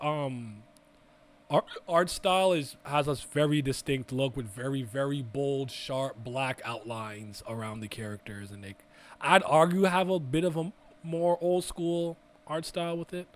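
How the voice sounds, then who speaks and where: Young male co-host, higher voice, loose and profane, keeps restarting sentences. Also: moderate pace. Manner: animated, swearing, rambling restarts. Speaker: podcast co-host. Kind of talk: casual chat.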